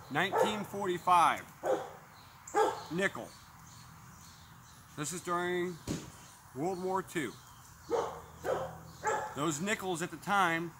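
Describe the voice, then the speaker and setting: A man reviewing a metal detector outdoors, casually calling out each tone as he tests coins and metals. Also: a little high. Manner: plainspoken, calls out tones as he tests. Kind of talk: casual product demonstration. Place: outdoors in a yard. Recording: outdoor noise behind the voice.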